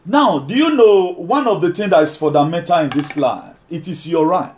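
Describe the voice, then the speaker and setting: A man preaching a sermon, emphatic, repeating key lines and slowing down to read scripture. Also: on the high side, animated, darkish tone.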